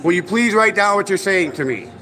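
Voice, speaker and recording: Amid crowd noise, an activist on camera challenges officials in a high, animated, slightly quick voice. He stays formally polite while insisting and needling sarcastically, saying "sir" and "ma'am" again and again.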